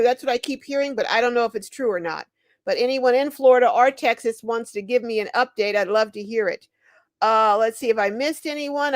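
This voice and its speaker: A woman's voice: sits high, no room sound. An older woman hosting a casual livestream, out of breath, bubbly and exclaiming as she greets viewers. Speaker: livestream host.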